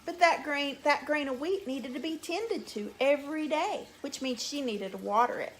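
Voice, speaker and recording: A teacher reading a folk tale aloud to young children, animated and drawn out. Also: female voice, sits high, normal speed.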